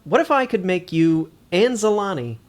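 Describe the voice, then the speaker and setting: A man's voice: high voice, expressive, moderate pace. A man voicing a fussy, exasperated space doctor in a put-on Australian accent. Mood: scheming. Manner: pedantic and fussy. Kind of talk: tabletop actual-play role-play.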